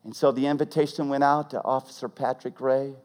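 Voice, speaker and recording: A man preaching a sermon as pastor, swinging from loud emphatic peaks to hushed, almost whispered lines. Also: mid-range voice, flat delivery, brisk. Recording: long reverb of a large hall.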